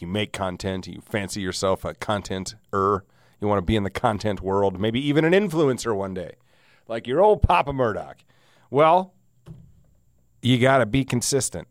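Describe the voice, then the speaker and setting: A man's voice: lowish voice, expressive, a little slow, pauses often, no room sound, studio quality. A man hosting a casual solo podcast, rambling and sardonic with frequent laughs, wheezing through a sinus cold. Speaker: podcast host.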